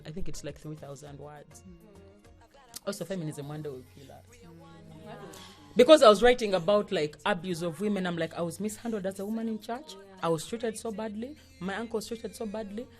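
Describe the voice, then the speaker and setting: A young woman, telling a personal story on a podcast in a lively way, laughing and acting out the people she quotes. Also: medium pitch. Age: young adult. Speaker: podcast co-host. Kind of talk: casual storytelling chat.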